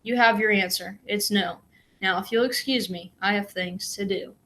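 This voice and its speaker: A stern, unbending prison warden, as a woman reads him aloud, his clipped words laying down the rules. His voice sits at an ordinary middle pitch with no growl or put-on depth. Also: steady tone, normal speed, a bit bright, natural voice. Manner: firm, clipped and authoritative.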